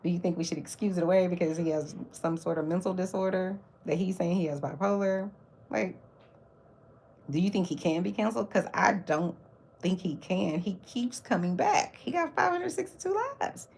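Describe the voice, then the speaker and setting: A woman's voice: lowish voice, creaky, a little mellow, slight background noise. A woman hosting her own livestream, chatting casually about celebrity gossip with mocking asides. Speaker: livestream host.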